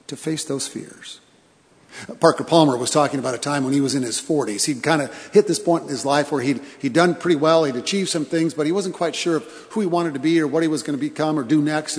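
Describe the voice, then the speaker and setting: A man pastor delivering a sermon in a church, telling stories with pauses for emphasis and repeated phrases. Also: fairly high pitch. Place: church sanctuary. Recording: long church reverb.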